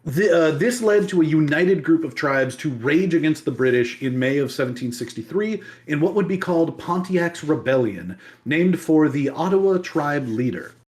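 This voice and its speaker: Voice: medium pitch, lively intonation, moderate pace, hardly any pauses, darkish tone. A podcast host casually retelling history, chatty and digressive with many asides.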